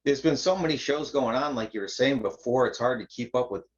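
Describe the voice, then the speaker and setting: A man's voice: mid-range voice, fairly quick, highs cut off. A man from Connecticut, a panel guest in casual chat, hesitant with lots of ums.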